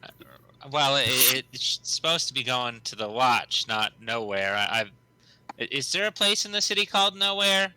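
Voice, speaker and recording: A man's voice: mid-range voice, expressive, moderate pace, pushed and bright, clean tone, low-quality recording. A man voicing Gick, an earnest and flustered young male watch recruit, stammering and repeating his words. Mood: puzzled.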